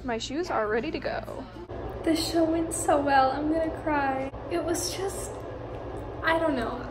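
A woman's voice: high-pitched, takes it slowly, pauses often, over music. A teenage girl chatting in a bubbly, gushing way as she vlogs her day. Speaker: vlogger. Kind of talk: casual vlog. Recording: noisy background.

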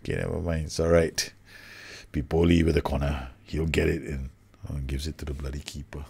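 A low, gravelly-voiced man talks through a football management game as he plays it. He is loud and exasperated about his side. His voice has a rough creak, and he swings from muttering to outbursts. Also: brisk. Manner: animated, exasperated, groans at his own team. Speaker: gaming YouTuber. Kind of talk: game commentary.

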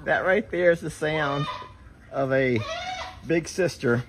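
A man vlogging outdoors by a creek, excitable and often shouting to his animals. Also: a little high, slow pace, noisy background. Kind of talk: casual outdoor vlog.

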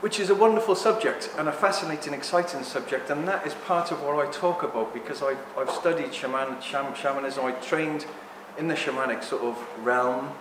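A man giving a rambling, joking live talk to an audience, speaking loudly without a microphone. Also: on the high side, brisk, hardly any pauses. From Greek heritage. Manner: jokey, rambling, loud. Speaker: guest speaker. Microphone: no microphone, room recording. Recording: echoey room with background noise.

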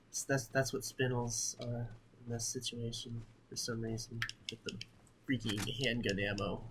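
A man gives casual gameplay commentary as a Let's Play host. His voice is bright and forward. He jokes and mocks himself as he goes. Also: medium pitch, a little slow, a little hiss or hum. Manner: jokey, self-mocking.

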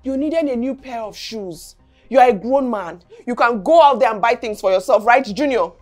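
A woman's voice: a little high, lively intonation, normal speed, a little mellow, faint music behind, close to an everyday voice. An actress with a Nigerian accent playing a stern middle-aged mother who scolds her son with insistent, repeated questions. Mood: scolding. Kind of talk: film drama acting.

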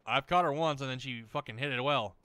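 A man ranting angrily and profanely over gameplay, mocking people in shrill voices. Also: a little fast, pushed and bright, no room sound. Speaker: let's play host. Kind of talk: angry rant over gameplay.

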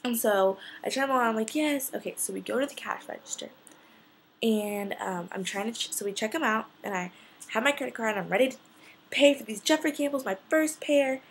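A teenage girl chatting excitedly in a casual storytelling vlog, gushing and filling her sentences with "like". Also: a little high, a little fast, creaky, slight background noise. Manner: excited and gushing, filler-heavy. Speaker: fashion vlogger.

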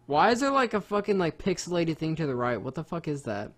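A man's voice: on the high side, very animated, brisk. A young man co-hosting a casual podcast. He talks loosely and swears freely. His delivery is unpolished and conversational. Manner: loose, profane banter. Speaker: podcast co-host. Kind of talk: casual chat.

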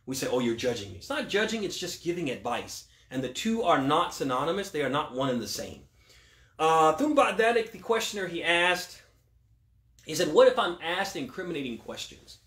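Imam guy doing q&a, lively up-and-down voice, fires off arabic quotes, roomy echo. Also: on the high side. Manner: asks rhetorical questions and answers them; quotes Arabic scripture quickly. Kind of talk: religious Q&A talk. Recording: echoey room.

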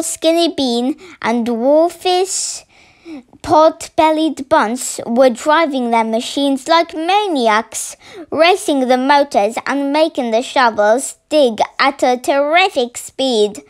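A woman reading a children's story aloud with slow, expressive storytelling. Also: sits high.

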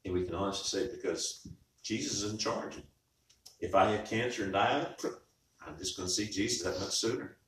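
In an echoey church sanctuary, a man with a fairly low voice preaches a sermon as pastor, going a little fast. He keeps it conversational but often restarts his words. Recorded by a far-off mic, there's slight background noise.

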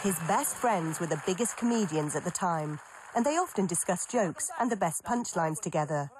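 A woman giving scripted documentary narration with a measured, even delivery. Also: lowish voice. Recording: narration over music.

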